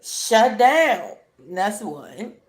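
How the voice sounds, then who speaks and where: A woman vlogger cries as she speaks slowly and deliberately, giving what sounds like a heartfelt motivational talk. She's emphatic and repetitive, constantly checking in with "right?", and her mid-range voice has a sing-song quality.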